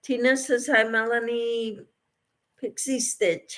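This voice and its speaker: A woman's voice: a little high, takes it slowly, fairly bright tone. A woman hosting a casual crochet livestream, reading viewer comments aloud and answering them, tired late at night.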